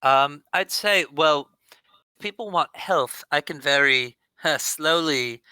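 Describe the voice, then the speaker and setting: A man playing a tabletop game, talking through his turn deliberately and casually. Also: a little high, sharp tone, clean tone, dry recording, low-quality recording. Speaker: player.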